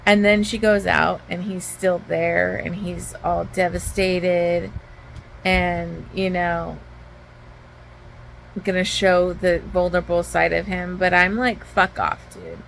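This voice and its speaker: Woman, book vlogger, casual heated retelling, fry in the voice, faint hum behind. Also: on the low side, little pitch movement, slow, poor audio. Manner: candid, heated retelling, heavy use of "like". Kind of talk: casual reading vlog. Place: at home.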